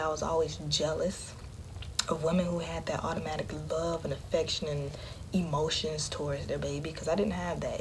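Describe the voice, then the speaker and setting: Low-voiced woman sharing candidly. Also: background noise. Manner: candid, conversational, drops into a hush often. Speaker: vlogger. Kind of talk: personal storytelling to camera.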